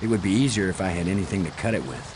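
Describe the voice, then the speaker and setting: A calm male commander with a fairly low voice and deadpan delivery. The lines come from game audio with clear background noise. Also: rapid-fire. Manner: dry, matter-of-fact.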